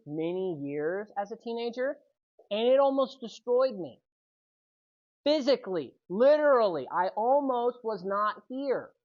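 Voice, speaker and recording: A man giving a youth sermon, telling a personal story with lively energy and often checking in with the audience. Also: high-pitched, dull audio. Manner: animated storytelling, keeps checking in with "right?". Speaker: youth speaker.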